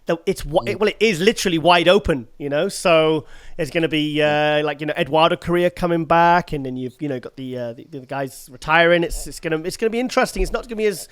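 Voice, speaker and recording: A man's voice: fairly high pitch, fast, smooth, no echo. A man, hosting a podcast and talking in a casual, rambling way with many restarts and fillers. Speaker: podcast host. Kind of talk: casual chat.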